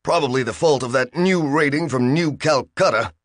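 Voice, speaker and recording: A man's voice: mid-range voice, normal speed, no room sound, studio quality, pitched above the performer's own voice, natural voice. A man reading a story aloud, voicing a strained, commanding male spaceship captain.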